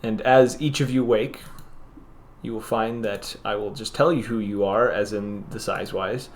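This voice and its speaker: A man narrating as game master of a tabletop role-play, describing the scene with halting fillers. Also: on the low side.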